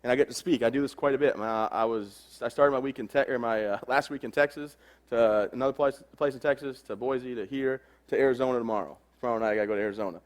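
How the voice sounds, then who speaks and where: A young man gives a motivational speech to a crowd, spinning a story with jokes along the way. He talks at a brisk clip and jumps into the voices of the people in his story, with a pitch in a middle range for a man. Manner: joking storyteller, acts out quoted dialogue. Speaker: motivational speaker.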